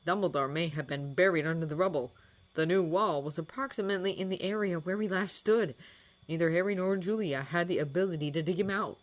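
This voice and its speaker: Female narrator, low register, expressive dramatic audiobook reading. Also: a little fast. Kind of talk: fan fiction audiobook reading.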